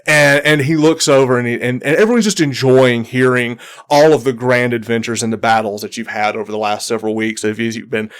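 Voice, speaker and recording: A male game master narrating a tabletop fantasy game in a mid-range voice. He talks in halting bursts, with many ums, repeats and restarts as he builds the scene. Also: mid-range voice, fairly even intonation, a bit bright, clear, resonant tone.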